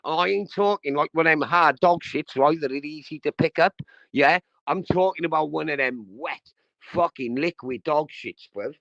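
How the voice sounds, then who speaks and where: High-voiced ranting man, crude slang. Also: moderate pace, gravelly, a bit bright, no room sound. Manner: crude, aggressive, repetitive slang-heavy ranting. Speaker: livestream host. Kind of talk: ranting livestream commentary. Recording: dull dry lo-fi stream audio.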